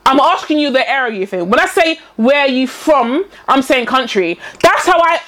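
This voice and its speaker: A young woman with a notably high voice chats casually as a co-host. She speaks emphatically, hammering points home by repeating her phrases. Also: animated, normal speed, a bit bright. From England. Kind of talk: casual chat.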